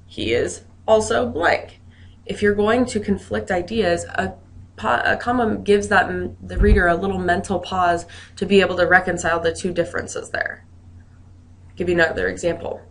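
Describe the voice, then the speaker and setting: A woman's voice: medium pitch, fairly even intonation, normal speed. A woman teacher giving a recorded grammar lesson, explaining rules in a friendly way with joking asides.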